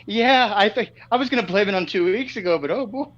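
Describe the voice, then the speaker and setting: A man's voice: high-pitched, fast talker, fairly bright tone, no echo, muffled recording. A man co-hosting a show, chatting loosely and laughing with easy swearing banter. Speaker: co-host. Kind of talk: casual chat.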